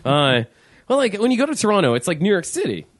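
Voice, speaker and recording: A man's voice: sits high, very animated, quick pace, no room sound, studio quality. A man from the United States co-hosting a casual podcast, rambling and swearing, with many fillers and restarts. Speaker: podcast co-host. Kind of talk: casual chat.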